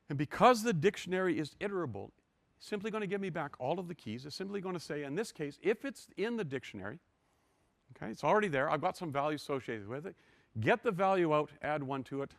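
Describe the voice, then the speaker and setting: A man's voice: on the high side, dry recording. An older man giving a university lecture, walking step by step through code with wry, self-deprecating asides.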